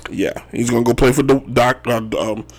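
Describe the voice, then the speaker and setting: A man's voice: medium pitch, brisk. A man hosting a casual sports talk show, rambling and joking about basketball moves, often tossing in "if you will.". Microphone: wearing Chicago sports gear.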